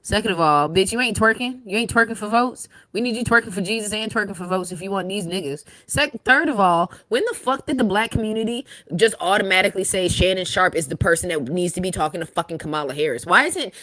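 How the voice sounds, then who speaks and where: A woman's voice: mid-range voice, fast, hardly any pauses, fairly bright tone, dry recording. A young woman co-hosting a casual podcast chat, ranting in a fiery, profane way. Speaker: guest co-host.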